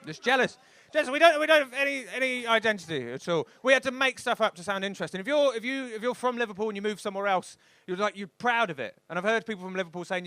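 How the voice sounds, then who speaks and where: Young male stand-up comic, bright tense voice, rambling and animated delivery. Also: sits high, quick pace. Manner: rambling, animated, bursts into loud shouts. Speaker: stand-up comedian. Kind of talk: stand-up routine. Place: comedy club stage.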